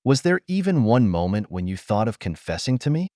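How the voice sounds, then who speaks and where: A man reading as a betrayed husband who speaks calmly, coldly and with sarcasm in an audio story. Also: lowish voice, brisk, no room sound, studio quality. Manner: calm, cold, sarcastic. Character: cold, betrayed middle-aged husband.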